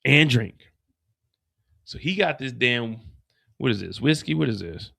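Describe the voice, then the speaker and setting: Male host for a casual recap stream, animated and cussing freely, bright forceful voice. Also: mid-range voice, moderate pace, vocal fry. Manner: animated, profane, slangy. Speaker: livestream host.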